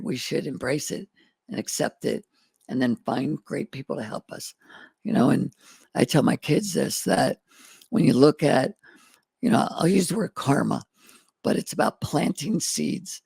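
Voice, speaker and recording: A man's voice: a little high, lively intonation, a little slow, creaky, a little mellow, slightly rough, dry recording. A middle-aged man telling life stories in an interview, earnest and folksy, acting out past conversations. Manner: earnest, folksy, retells exchanges in quotes. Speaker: guest entrepreneur. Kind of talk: candid storytelling interview.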